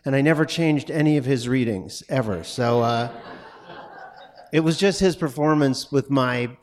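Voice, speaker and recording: A man from New York City, a stage actor appearing as a guest on a live podcast, speaking in a halting, self-deprecating way and often trailing off. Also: medium pitch, expressive.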